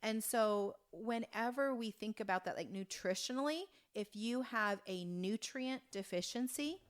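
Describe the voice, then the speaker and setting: A woman in her fifties from Oregon, a podcast guest telling a story in an earnest, halting way with many restarts. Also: on the high side. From Oregon, USA. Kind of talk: conversational storytelling.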